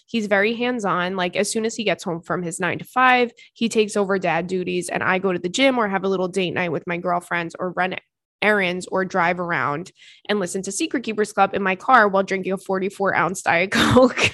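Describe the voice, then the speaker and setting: A woman's voice: medium pitch, fairly bright tone, no echo. A woman in her thirties hosting a podcast, chatting candidly with frequent swearing and reading out listener letters. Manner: candid, swears freely, quick asides. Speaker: podcast host.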